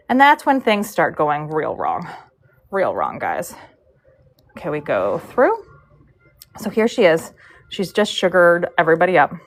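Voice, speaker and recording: A woman's voice: fairly low pitch, gravelly. Chatty woman telling a story while braiding. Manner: rambling, chatty, many fillers and asides. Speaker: live streamer braiding hair. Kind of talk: casual storytelling while working.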